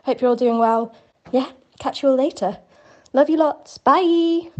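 A woman's voice: sits high, measured pace, lo-fi sound, very noisy. A woman leaving a chatty, rambling voicemail for a podcast while slightly out of breath. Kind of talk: casual voicemail.

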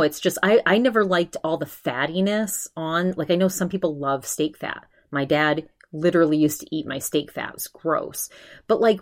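A woman hosting her own podcast, talking in a loose, animated way with lots of restarts and fillers. Her voice sits a little low for a woman. She jumps into quick impressions of other people as she retells a story. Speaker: podcast host. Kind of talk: casual solo podcast chat.

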